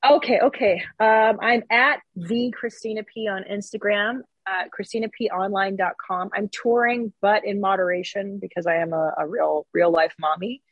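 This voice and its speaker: A woman's voice: medium pitch, steady tone, normal speed, hardly any pauses, no echo, highs cut off. A woman comedian from Canada chatting as a guest in an interview, joking and sarcastic. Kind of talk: casual interview chat.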